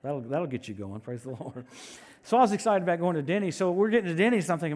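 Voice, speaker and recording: A man preaching a sermon, telling personal stories with animated swings from loud proclamations to hushed asides. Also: on the high side, quick pace. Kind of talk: sermon with storytelling.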